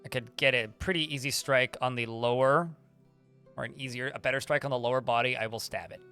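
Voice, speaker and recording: A man's voice: medium pitch, fairly even intonation, fairly quick, pushed and bright, clear, resonant tone, faint music behind. A man streaming a video game, reading the combat log aloud with many fillers and restarts while chatting with viewers. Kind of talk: livestream gameplay commentary.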